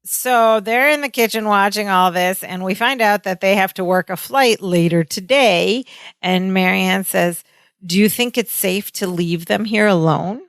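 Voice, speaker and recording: A woman's voice: mid-range voice, measured pace, no echo. Woman, podcast co-host, casual sitcom recap, laughs often, dry close mic. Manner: chatty, laughs often, reads out quotes from the scene.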